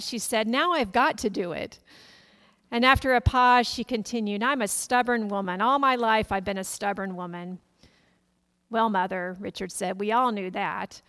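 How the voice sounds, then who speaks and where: A woman pastor preaching a sermon, gently retelling a family story to her congregation. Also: mid-range voice. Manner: gentle storytelling, quoting family members softly.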